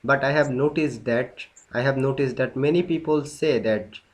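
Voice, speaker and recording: A man's voice: mid-range voice, moderate pace, low-quality recording. A man chats on a video call in a mid-range voice. He talks hesitantly and often repeats a word or restarts a sentence. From Bangladesh. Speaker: English-learner participant. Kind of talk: casual conversation on a video call.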